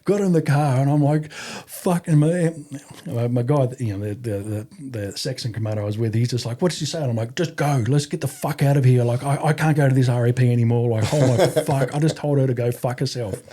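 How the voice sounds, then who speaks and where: A man's voice: medium pitch, fast talker, few pauses, warm tone. An Australian man in his forties, a podcast guest telling army stories in casual chat, swearing freely and laughing as he goes. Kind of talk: casual storytelling interview.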